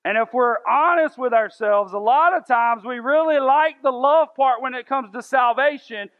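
A man in his thirties preaching a conversational sermon to a church congregation, asking the room rhetorical questions. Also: very high voice. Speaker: pastor. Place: church sanctuary. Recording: dull sound with long hall reverb.

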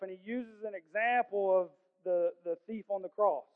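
A man's voice: sits high, moderate pace, hardly any pauses, clean tone. A male pastor preaching a sermon in an earnest, conversational way with casual slang, recorded in a large church sanctuary. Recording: tinny phone-like sound with long hall reverb.

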